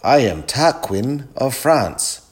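A man's voice: medium pitch, big pitch swings, slow pace, husky, voice pushed up, heavily acted. A man doing a courtly storybook knight. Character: gallant male knight, rich suitor. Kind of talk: storybook reading.

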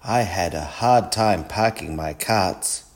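A man voicing a boastful shah who is a rich suitor, in a storybook reading, speaking slowly and grandly. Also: low voice. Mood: pompous.

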